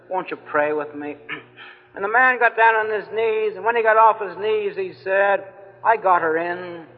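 A man's voice: high voice, husky. A man preaching an evangelistic sermon in a meeting hall, fervent and pleading, repeating his phrases. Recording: old, phone-like, reverberant hall recording.

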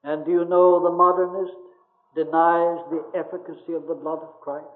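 A man's voice: a little high, level tone, normal speed. A man preaching as a missionary, telling stories earnestly and calling his listeners beloved. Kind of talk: sermon with personal stories. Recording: tinny narrow-band old recording.

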